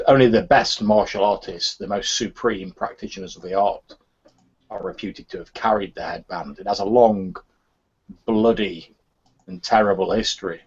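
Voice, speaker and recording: A man voicing a calm masked martial artist. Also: deep voice, husky. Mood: courteous. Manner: measured, courteous, slow delivery. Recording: muffled lo-fi voice chat.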